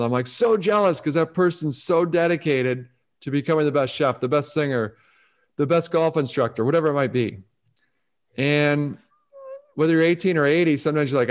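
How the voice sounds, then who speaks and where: Animated man giving advice. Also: a little high, moderate pace. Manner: animated, acts out quoted voices. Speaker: guest speaker on focus and success. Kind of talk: conversational advice talk.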